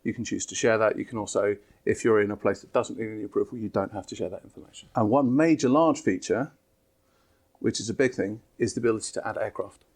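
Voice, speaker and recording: A man, an app developer, calmly explaining new features in an interview. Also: fairly low pitch, fast talker. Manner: steady, explanatory, with fillers.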